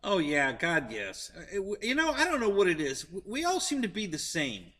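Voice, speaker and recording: A man's voice: high-pitched, huge pitch swings, a little fast, sharp tone. A man hosting a casual live-stream chat from a heated tent, laughing often and chuckling between his remarks. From United States. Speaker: host.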